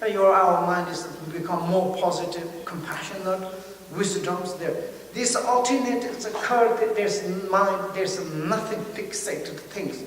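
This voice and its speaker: A man giving a Buddhist teaching in halting English, often pausing to search for words. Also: high-pitched, fairly bright tone. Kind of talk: dharma teaching. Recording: very echoey hall, mic far off, faint noise.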